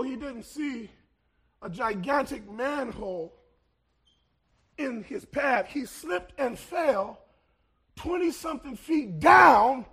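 A man preaching a sermon as pastor, building to loud shouted peaks and then dropping to hushed lines. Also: extremely high pitch. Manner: preaching with swelling shouts and sudden hushed drops.

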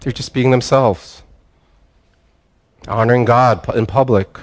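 An older man, a pastor giving a sermon in a relaxed, conversational storytelling way with frequent restarts. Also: mid-range voice, unhurried.

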